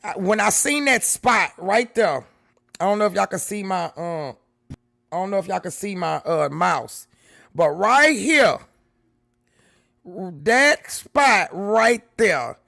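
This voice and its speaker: A woman from Houston with a Southern accent, hosting a livestream in excited casual chat, loud and full of laughter and slang. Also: mid-range voice, slow, vocal fry. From Houston, Texas. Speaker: livestream host.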